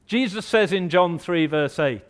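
A man from England preaching a sermon, rising to loud, emphatic outbursts as he voices objections. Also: sits high, a little slow.

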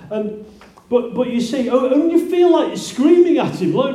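A fairly high-pitched male preacher gives a conversational sermon and often restarts his sentences. His tone is mellow. The sound is roomy and echoing, as in a church. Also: animated, moderate pace. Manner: conversational, with many restarts and rising exclaims. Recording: roomy echo.

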